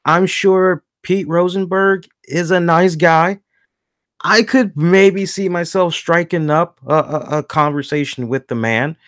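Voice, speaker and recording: A man's voice: sits high, unhurried, a bit bright, dry recording, clean studio sound. A man hosting a wrestling review show, talking casually and animatedly, acting out his own reactions and often restarting his words. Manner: frequent restarts and repeated words. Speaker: wrestling podcast host.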